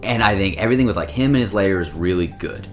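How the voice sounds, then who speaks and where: A man with a very low voice talks through film opinions in a relaxed podcast chat. He builds his points in long, reasoned turns. Faint music plays underneath. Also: fast talker. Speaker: podcast co-host. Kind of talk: casual chat.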